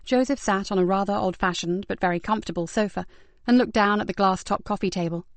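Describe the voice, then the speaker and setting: A woman narrating a crime novel in an even, measured way. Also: mid-range voice, dry recording. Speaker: audiobook narrator. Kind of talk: scripted narration.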